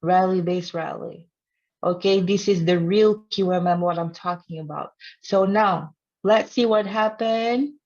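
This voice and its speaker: A woman's voice: fairly low pitch, steady tone, unhurried, darkish tone, lo-fi sound. A woman teaching a casual online trading lesson. She speaks simple non-native English and teases her viewers, laughing often. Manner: playful and teasing, laughing often. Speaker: trading instructor.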